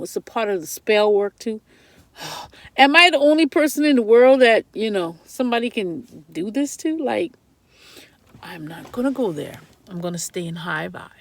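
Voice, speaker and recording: A woman talks through a spiritual tarot reading at an unhurried pace, laughing easily and breaking into prayer. Her voice is husky with a gravelly edge, and she sits some distance from the microphone. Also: a little high, dry recording. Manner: chatty, laughs often, prays aloud.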